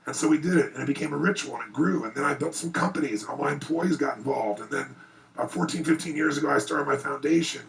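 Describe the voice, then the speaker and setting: Gravelly man telling an earnest story. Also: a little high, fast talker, recorded from a distance, rough recording. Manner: earnest, animated, rising excitement in retellings. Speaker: motivational speaker. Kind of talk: emotional personal storytelling speech. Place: private event before an audience.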